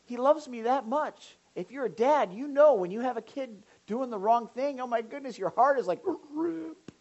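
Animated woman preaching a sermon. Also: a little high, moderate pace, muffled recording. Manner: animated, acts out congregants' voices. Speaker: pastor.

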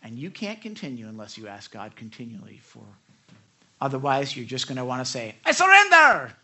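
Bright-voiced animated male pastor. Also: mid-range voice, a little fast, vocal fry, husky. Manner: animated, candid, self-deprecating, swinging loud to soft. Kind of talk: sermon preaching.

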